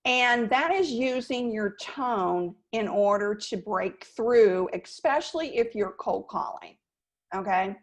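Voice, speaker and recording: A woman sales coach hosting an interview, talking in a lively way and acting out phone intonation as examples. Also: mid-range voice, slow pace. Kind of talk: conversational interview.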